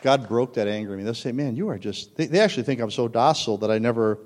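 Pastor, male, middle pitch, lively storytelling sermon; long hall reverb. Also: quick pace. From Italian-American family. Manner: storytelling, animated, acts out voices.

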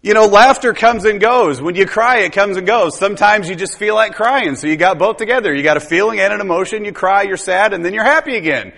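A pastor preaches in a loose, rambling style, leaning on tag questions and quick chuckles. His voice sits high for a man. A long reverb tail from the church hall trails each phrase. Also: fairly bright tone. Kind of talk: sermon.

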